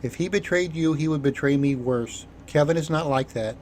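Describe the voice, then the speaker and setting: A man's voice: fairly high pitch, moderate pace, darkish tone, slight background noise, close to an everyday voice. A man voicing a blunt, self-assured female scavenger. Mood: probing. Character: sharp-instinct female scavenger.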